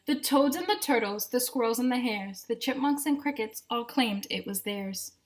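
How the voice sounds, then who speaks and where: A woman teacher reads a rhyming picture book aloud with gentle asides to the children listening. Her voice sits a little high and carries an even storybook lilt, recorded at home. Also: normal speed, a little hiss or hum, poor audio.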